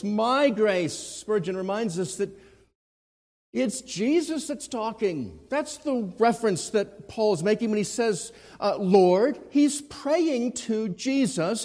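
Pastor guy preaching real slow, a bit high-pitched, big echo from the hall. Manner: swings between forceful emphasis and hushed quiet passages. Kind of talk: sermon. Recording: long hall reverb.

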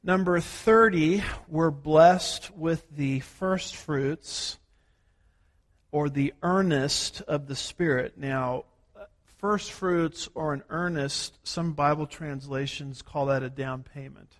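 A man from the United States preaching a sermon as a pastor, working through numbered points and slowing down to stress key words. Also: a little high. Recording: long hall reverb.

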